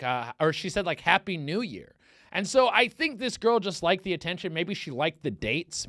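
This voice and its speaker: A man's voice: on the high side, pushed and bright, no room sound, studio quality. A man hosting a casual comedic podcast, telling rambling dating stories full of swearing and fillers, and acting out the people he quotes. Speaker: podcast host.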